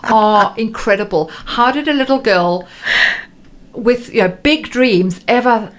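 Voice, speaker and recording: A woman's voice: on the high side, measured pace. A woman hosting a radio talk show, interviewing a guest in a casual, enthusiastic way and reacting expressively.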